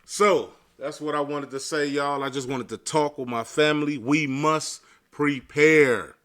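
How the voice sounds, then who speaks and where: Guy preaching casual to his viewers, slangy, reads scripture, goes quiet then loud. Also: fairly high pitch, fairly even intonation, normal speed. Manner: casual street talk mixed with scripture reading; swings from quiet murmurs to loud bursts. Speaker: online preacher. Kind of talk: informal sermon to viewers.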